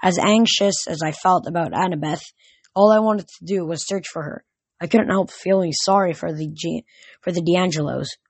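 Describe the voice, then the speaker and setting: A man's voice: high voice, normal speed, gravelly, dry recording. A young man reading a storybook chapter aloud, plain and a little hesitant, with small restarts. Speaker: reader. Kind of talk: amateur audiobook reading.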